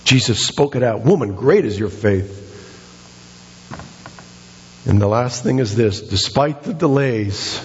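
A male pastor preaching a sermon in a church, building to excited, emphatic exhortations with repeated phrases. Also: mid-range voice, takes it slowly, pauses often. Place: church sanctuary. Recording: dull sound with long hall reverb.

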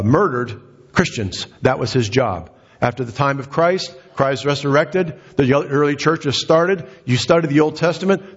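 Husky preacher in an echoing hall. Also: male voice, a little high. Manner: earnest storytelling, rising to impassioned. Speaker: pastor. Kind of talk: sermon. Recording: dull lo-fi recording in a reverberant hall.

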